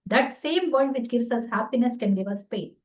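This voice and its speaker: A woman's voice: a little high, moderate pace, darkish tone. A woman gives an earnest spiritual talk as a teacher, asking many rhetorical questions. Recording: dull lo-fi sound.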